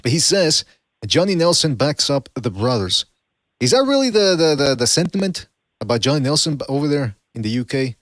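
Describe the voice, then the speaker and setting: A man hosting a call-in podcast in casual chat, a non-native English speaker, animated and mocking with frequent restarts. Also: a little high, fairly quick, no room sound, clean studio sound. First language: not English. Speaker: podcast host.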